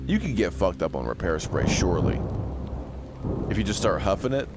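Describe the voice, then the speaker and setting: A man's voice: low voice, big pitch swings, a little fast, vocal fry, loud music behind the voice. A man playing a survival horror game and commenting on it, joking sarcastically and reading the game text aloud. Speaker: gaming streamer. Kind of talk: let's play commentary.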